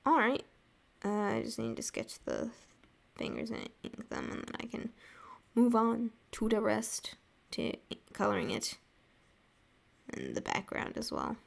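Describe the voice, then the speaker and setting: A woman's voice: lowish voice, huge pitch swings, a little slow, vocal fry, pauses often. A young woman from the United States chatting casually while drawing on a stream, rambling and laughing often. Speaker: artist streaming a drawing session.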